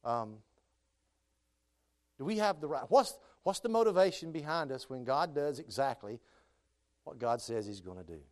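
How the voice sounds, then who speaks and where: A man preaching a sermon, moving between calm scripture reading and loud, high, impassioned stretches. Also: normal speed, long pauses.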